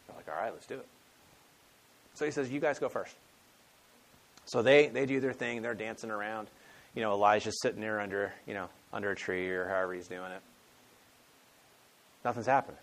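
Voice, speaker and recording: A man's voice: on the low side, fairly quick, long pauses. A man teaching a sermon on scripture in a conversational storytelling manner, acting out the quotes. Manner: conversational storytelling, acts out quotes, frequent restarts. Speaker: preacher. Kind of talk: expository sermon.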